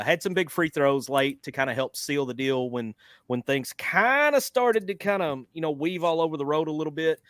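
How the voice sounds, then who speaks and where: A man from Arkansas co-hosting a sports podcast, relaxed and joking, with plenty of fillers. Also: medium pitch, clear, resonant tone, no room sound, clean studio sound. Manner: laid-back, joking, hesitant fillers. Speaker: podcast co-host. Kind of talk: casual sports podcast chat.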